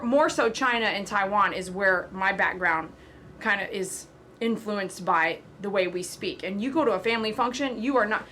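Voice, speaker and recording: A woman pet groomer hosting a casual livestream, talking loud and chattily to her viewers and pitching a sale. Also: a little hiss or hum. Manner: loud, talkative.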